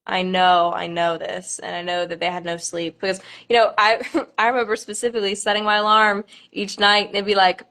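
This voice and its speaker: A young woman in her twenties, a pageant contestant, talking casually on a livestream, halting with lots of ums and nervous laughter. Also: medium pitch, little pitch movement, sharp tone.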